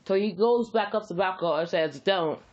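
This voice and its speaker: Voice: mid-range voice, brisk, a little mellow, muffled recording. A storyteller improvising a fan-fiction story in a rambling, casual way, repeating words and using slang.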